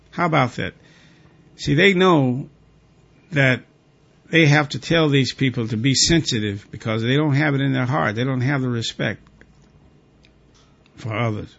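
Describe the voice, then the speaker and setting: A man's voice: mid-range voice, measured pace, creaky, long pauses, highs cut off. Man reading rules, adding indignant asides. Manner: reads text flatly, then breaks off into pointed, indignant asides. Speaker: commentator reading and reacting to guidelines. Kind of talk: reading a document aloud and commenting.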